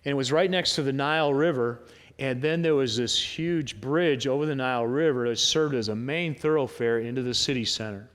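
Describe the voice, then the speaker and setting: A man's voice: mid-range voice, moderate pace, fairly bright tone. A man preaching a sermon as a pastor, talking conversationally and pressing his points with repeated rhetorical questions. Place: church sanctuary. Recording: long church hall reverb.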